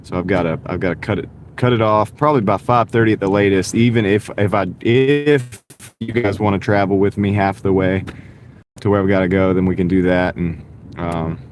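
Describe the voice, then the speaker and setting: A man talks loosely to his stream's viewers while driving between delivery orders. His voice sits low, and he rambles, often restarting phrases. A clip-on mic picks him up inside the car, with a faint hum of the vehicle underneath. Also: fairly even intonation, a little fast. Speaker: delivery driver live streamer. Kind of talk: casual live-stream chat while driving. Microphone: wireless clip-on mic. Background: faint car noise.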